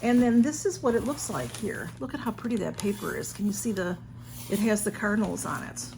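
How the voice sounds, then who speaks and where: Woman vlogger, casual and effusive, mid-pitched voice, faint background hiss. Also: animated, fairly quick, creaky. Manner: gushing, exclaims the sender's name, chatty with fillers. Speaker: vlogger unboxing a gift. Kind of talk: casual unboxing chat.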